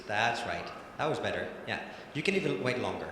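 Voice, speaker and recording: A man's voice: mid-range voice, animated, brisk. A man who speaks English as a second language, coaching ballet dancers live in a studio, encouraging them and counting out rhythms. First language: Spanish. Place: large echoey studio hall. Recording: echoey hall, faint noise.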